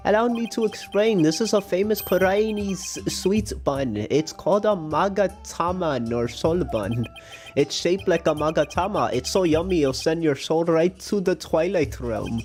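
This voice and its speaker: A man's voice: fairly high pitch, animated, unhurried, darkish tone, faint music behind, pitched above the performer's own voice. A man voicing a cheerful, polite young boy who works as a monk-in-training tour guide, speaking eagerly in a sing-song way.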